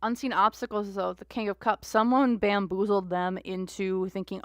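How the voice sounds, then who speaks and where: A woman's voice: mid-range voice, fairly even intonation, moderate pace, dry recording, studio quality. A woman doing a live-stream tarot reading, musing aloud with many restarts and fillers. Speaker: tarot reader.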